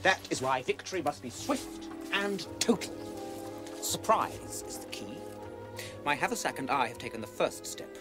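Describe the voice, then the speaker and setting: A commanding intelligence officer giving orders in a measured, authoritative tone. His pitch swings widely, and a music score runs beneath. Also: big pitch swings. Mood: briefing. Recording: music score under the dialogue.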